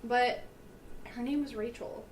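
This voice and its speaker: A woman's voice: on the high side, steady tone, measured pace. A woman hosting a casual drinking chat in a small apartment, rambling through stories between laughs. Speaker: host. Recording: echoey room, faint background hum.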